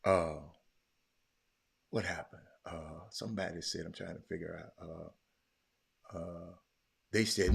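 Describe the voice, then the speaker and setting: A man hosting a casual sports commentary talk, telling a story animatedly and getting loud when he quotes others. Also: deep voice, fairly even intonation, slow pace, vocal fry, long pauses, breathy edge. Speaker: podcast host.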